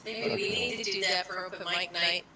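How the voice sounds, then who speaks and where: A woman's voice: on the low side, steady tone, normal speed, noisy background. A woman playing an online game, chatty and teasing. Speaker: game player. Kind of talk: casual chat while playing an online game.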